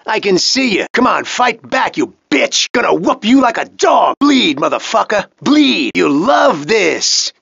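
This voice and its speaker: A man's voice: high voice, very animated, unhurried, gravelly, hardly any pauses, a bit bright, husky, no echo, full character voice. An actor playing a brutal, foul-mouthed male gang thug in a video game, swaggering and taunting with lots of profanity. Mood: taunting, vicious. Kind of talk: video game character dialogue. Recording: dry, slightly dull studio sound.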